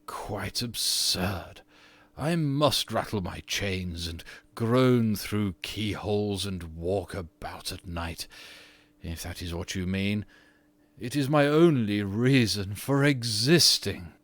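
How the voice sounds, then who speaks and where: A man voicing a petulant, haughty aristocratic ghost of an English nobleman in an audiobook reading, often drawing his words out slowly. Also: on the low side, a bit bright, dry recording. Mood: indignant.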